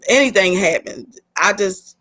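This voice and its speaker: A woman leads a leadership talk over a video call. She is chatty and candid and speaks straight to her listeners. Her voice sits at an ordinary middle pitch. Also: animated, a little slow, bright, forceful tone. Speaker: host leading a leadership session. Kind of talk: casual presentation on a video call.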